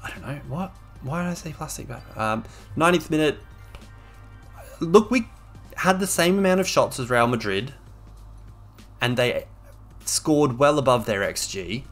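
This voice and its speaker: A man's voice: medium pitch, lively intonation, normal speed, a bit bright, soft background music. Exasperated man ranting over gameplay. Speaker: game streamer. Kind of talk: frustrated gameplay commentary. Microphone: desk microphone.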